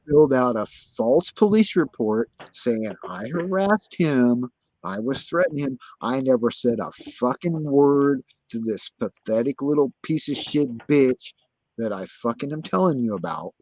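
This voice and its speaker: A man's voice: medium pitch, expressive, unhurried, darkish tone, no echo. Agitated, profane man on a dry recording. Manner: agitated, profane, repeats himself insistently. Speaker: guest telling his story. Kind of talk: casual conversation.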